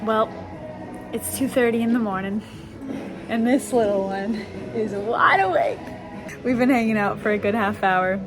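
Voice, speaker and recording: A woman's voice: fairly high pitch, moderate pace, long pauses, music in the background. A young mother narrating a travel vlog in a playful, upbeat way.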